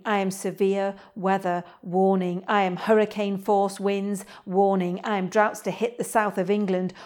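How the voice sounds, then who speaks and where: A woman's voice: mid-range voice, darkish tone. A young woman from Wales, performing her poems in a rhythmic, insistent spoken-word style. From North Wales. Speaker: poet. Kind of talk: poetry reading.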